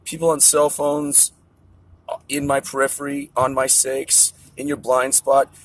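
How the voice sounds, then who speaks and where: A man's voice: mid-range voice, little pitch movement, unhurried, slight background noise. A middle-aged man venting in an agitated, profane, tangent-jumping monologue to camera. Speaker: vlogger. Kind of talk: ranting monologue.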